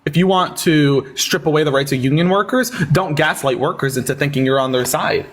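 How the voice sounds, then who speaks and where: A man's voice: on the high side, fairly quick, a bit bright. A man hosting a live-stream debate, sarcastic and taunting with callers, thanking viewers in casual chat. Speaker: livestream debate host.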